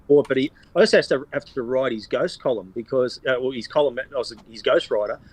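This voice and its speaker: A man's voice: mid-range voice, quick pace, slightly rough, dry recording, low-quality recording. A man chats as a guest on a podcast, telling stories in a loose, rambling way. He fills his sentences with ums and you-knows as he goes. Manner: rambling storyteller, many fillers. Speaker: guest, sports journalist. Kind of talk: casual podcast chat.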